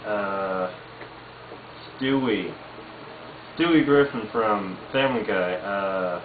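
A man casually introducing his voice impressions in a halting way, laughing between bits. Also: on the low side, noisy background. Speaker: amateur voice impersonator. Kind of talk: casual home video chat. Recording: tinny lo-fi echoey home recording.

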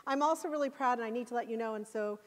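A woman's voice: fairly high pitch, racing. A woman giving a passionate, emphatic conference talk. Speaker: conference speaker. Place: conference hall. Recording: long hall reverb.

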